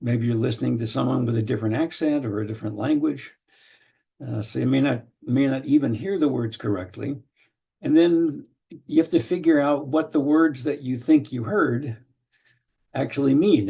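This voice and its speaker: An older man teaching an online session in a mellow, gravelly voice. He explains at an unhurried pace, full of small fillers and restarts. The tone stays husky and relaxed throughout. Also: medium pitch. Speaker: lecturer. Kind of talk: online training lecture.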